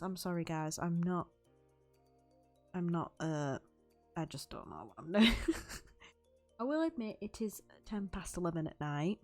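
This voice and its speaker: A woman's voice: low voice, animated, normal speed, long pauses, darkish tone, soft background music. A young woman chatting loosely over a game build, rambling and laughing often. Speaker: YouTube Sims builder. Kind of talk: recorded voiceover over gameplay.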